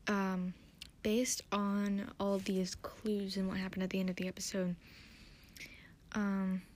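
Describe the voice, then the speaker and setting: A woman's voice: mid-range voice, little pitch movement, slow, slight background noise. A tired woman hosting a podcast, recapping an episode in a rambling, hesitant, self-deprecating way. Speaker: podcast host.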